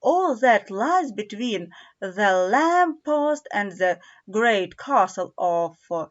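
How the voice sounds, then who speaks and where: A woman's voice: medium pitch, expressive, slow, highs cut off. A woman voicing a polite, nervous male faun who speaks formally and hesitantly. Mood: earnest.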